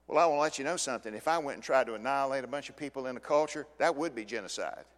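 Older male pastor, sermon delivery, dynamic swings from quiet to booming, long church reverb. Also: fast talker. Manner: dramatic swings from hushed to loud. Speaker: preacher.

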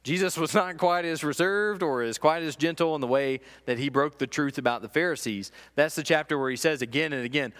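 A man preaching a sermon in an earnest manner, dropping to quiet, slow passages and rising to emphatic ones. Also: on the high side. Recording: long hall reverb.

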